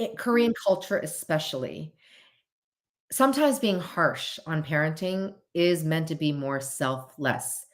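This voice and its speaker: Low-voiced woman therapist chatting on a livestream. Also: fairly bright tone. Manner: chatty and reflective, thinking aloud. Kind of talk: livestream chat with viewers.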